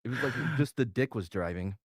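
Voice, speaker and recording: Animated, profane male war storyteller. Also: fairly low pitch, a little fast, no room sound, studio quality. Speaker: co-host, veteran. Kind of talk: casual storytelling chat.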